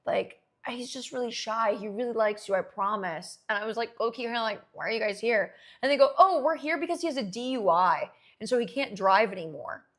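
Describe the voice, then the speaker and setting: A woman in her twenties, a streamer telling a long story in casual chat, animated and swearing freely. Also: a little high, fairly quick, hardly any pauses.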